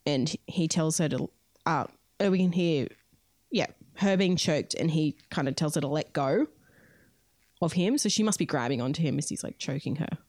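A woman's voice: low-pitched, expressive, moderate pace, darkish tone, no echo. A woman co-hosting a podcast, recounting a story in casual chat full of fillers. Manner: chatty, many fillers, recounting events. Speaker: podcast co-host. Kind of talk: casual true-crime storytelling.

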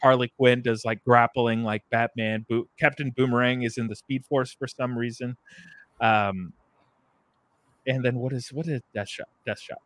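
A man on a podcast talks casually about games at a middling pitch, circling his point with ums and restarts. His voice is recorded close and dry, with no room sound. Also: fairly even intonation, normal speed, fairly bright tone, no room sound. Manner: rambling, many fillers and restarts. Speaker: podcast co-host. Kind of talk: casual video game discussion.

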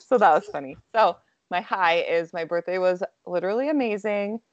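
A woman's voice: mid-range voice, sing-song, a little slow, no room sound, muffled recording. A young woman telling a personal story in a casual chat, chatty and full of filler words, laughing often.

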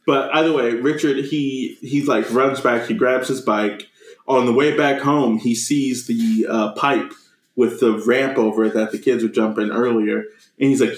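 A man's voice: mid-range voice, fairly even intonation, measured pace, roomy sound, poor audio. A man co-hosting a podcast, recapping a movie scene by scene, swearing freely and acting out the characters' lines. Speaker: podcast co-host. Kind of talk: casual movie recap chat.

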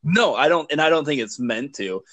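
A man's voice: fairly high pitch, expressive, moderate pace, fairly bright tone, dry recording. A man co-hosting a podcast, chatting casually with enthusiasm, rambling with lots of fillers and swearing. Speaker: podcast co-host. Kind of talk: casual chat.

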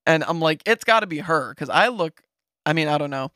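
A young man from Ohio, podcast host, telling a story in an excited, rambling way with lots of fillers. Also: a little high, dry recording, clean studio sound. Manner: excited, fast-talking, lots of fillers and "right?". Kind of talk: casual storytelling.

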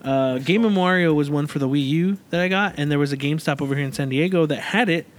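A man's voice: on the high side, fast. Rambling, fidgety man telling a story. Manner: rambling storytelling with many fillers and restarts. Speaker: podcast host. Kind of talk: casual chat.

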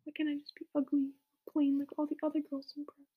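A young woman reading the lines of a melodramatic, self-pitying goth teen girl in a soft whisper, as whispered role-play. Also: sits high, completely flat delivery, a little fast, phone-quality sound, close to an everyday voice. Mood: whining.

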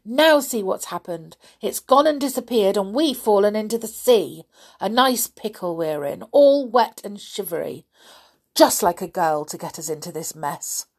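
A woman's voice: fairly high pitch, normal speed, a little mellow, voice pushed up, close to an everyday voice. Woman as a storybook boy: cross, bossy, scolding. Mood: angry. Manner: scolding, insistent.

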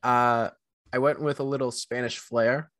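A man talking as co-host of a casual podcast, rambling and poking fun at himself, then jumping into animated bursts. His voice sits at middling pitch and sounds close and dry, with no room echo. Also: unhurried.

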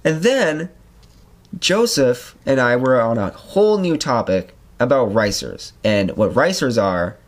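A man's voice: medium pitch, a little slow. A young man hosting a podcast, telling stories in a rambling casual chat with lots of fillers. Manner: rambling, animated storytelling with many fillers. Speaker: podcast host.

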